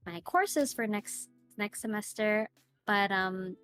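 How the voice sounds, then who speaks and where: A woman's voice: mid-range voice, slow, a bit bright, faint music behind. A young woman, a streamer and podcast guest, telling a personal story in a casual interview. She fills her talk with "like" and "right?" and acts out the lines of the people in it. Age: young adult. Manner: chatty, fills speech with "like" and "right?".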